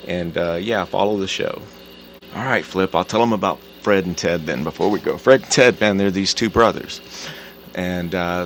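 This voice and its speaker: A man's voice: low-pitched, slight background noise. A man hosting his own podcast, talking casually and telling a joke with a laid-back, profane drawl. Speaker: podcast host.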